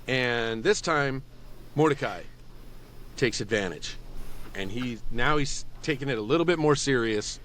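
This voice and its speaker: A man's voice: medium pitch, measured pace, a little hiss or hum. A man narrating as game master of a tabletop game, laughing often and telling the action with lots of energy. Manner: laughing, animated storytelling.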